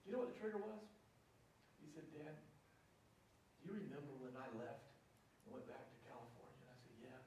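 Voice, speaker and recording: A middle-aged man, telling a heartfelt story as a keynote speaker in a halting, repeating way. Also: medium pitch, expressive, a little mellow, slight background noise. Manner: earnest, halting, repeats himself. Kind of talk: emotional storytelling talk. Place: church sanctuary. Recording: echoey church from far off.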